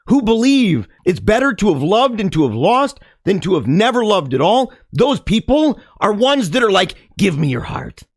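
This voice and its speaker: Man, impassioned monologue, dramatic, preachy, lively high voice, dry recording. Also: no echo. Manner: preachy, dramatic, laughs often, swings from loud to hushed. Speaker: podcast host.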